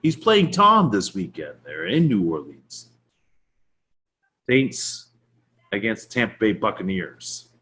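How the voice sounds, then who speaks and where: A man's voice: fairly low pitch, very animated, slow, long pauses, sharp tone. A man hosting a sports podcast in casual chat, laughing often and steering the talk to the next game. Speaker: podcast host leading the segments.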